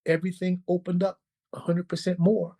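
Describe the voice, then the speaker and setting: A podcast guest with a slightly raised voice tells a story at a fairly quick, casual, lively clip. He acts out what other people said and keeps checking in with the listener, asking "right?" and "okay?"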